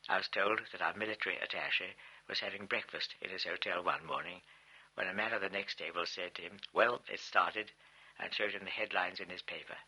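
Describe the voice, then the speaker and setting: A man narrating a first-person memoir as an audiobook, in a measured, reflective storytelling manner. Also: sits low, sharp tone, husky, rough recording.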